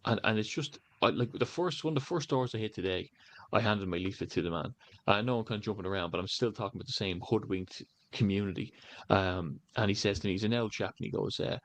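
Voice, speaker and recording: Rambling Irish man, low voice. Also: fast talker. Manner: rambling, many "you know" fillers. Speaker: election candidate canvassing. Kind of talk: casual interview talk.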